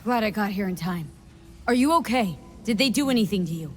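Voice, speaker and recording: A woman's voice: mid-range voice, animated, a little fast, lightly acted. A woman playing a blunt, wry mercenary. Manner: blunt, clipped, sardonic. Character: tough, wry female mercenary. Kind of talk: game dialogue. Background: music.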